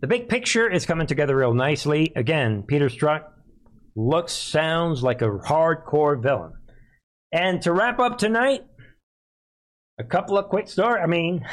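A man hosting a political commentary show, talking emphatically with rhetorical asides and sharp rises in pitch. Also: unhurried, pauses often. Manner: emphatic, rhetorical questions, animated pitch swings. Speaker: show host.

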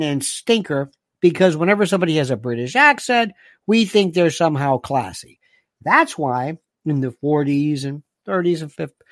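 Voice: mid-range voice, no room sound, clean studio sound. A host from the United States giving an opinionated monologue and reading out viewer comments, ranting and sarcastic, full of insults and rhetorical questions.

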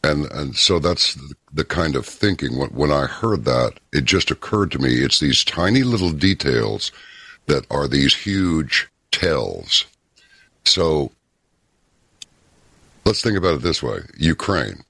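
A man hosting a talk show, telling stories and giving opinions in a folksy, unhurried way. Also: very deep voice, sing-song, pushed and bright, breathy edge, no room sound. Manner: folksy, opinionated, storytelling with pauses. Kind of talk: casual talk radio commentary.

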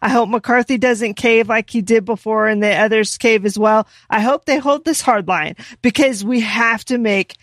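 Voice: mid-range voice, moderate pace, hardly any pauses, no echo. Earnest, opinionated talk-show co-host. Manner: earnest, opinionated, steady delivery with fillers. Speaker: political commentary co-host. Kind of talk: casual political talk show chat.

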